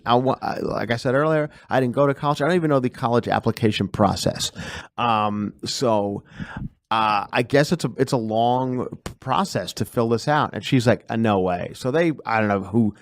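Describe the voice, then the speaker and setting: A man's voice: medium pitch, no room sound. A man hosting a comedy podcast, chatting casually, rambling and swearing as he goes. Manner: rambling, profane, restarts often. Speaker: podcast host.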